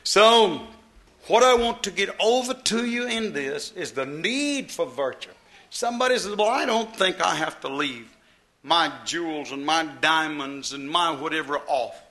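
A man's voice: a little high, expressive, a little slow, pushed and bright. A man preaching a sermon in a folksy, emphatic way, repeating phrases to drive them home.

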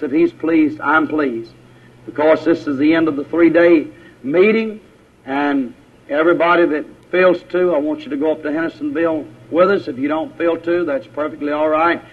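A man preaching a sermon at a church service in a folksy, rising and falling manner. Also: fairly high pitch. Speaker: pastor. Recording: dull lo-fi church tape.

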